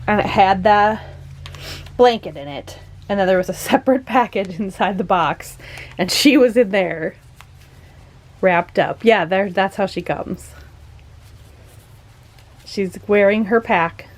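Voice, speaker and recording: A young woman with a Minnesotan accent chats her way through a home vlog, gushing, rambling, and leaning heavily on fillers. Her voice sits at medium pitch with a measured pace and long pauses. The recording is rough.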